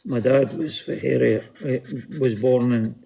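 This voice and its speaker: A man's voice: medium pitch, steady tone, measured pace, vocal fry, mellow, slight background noise. A Scottish man chatting casually with dry, wry remarks as co-host. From Scotland. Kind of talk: casual chat.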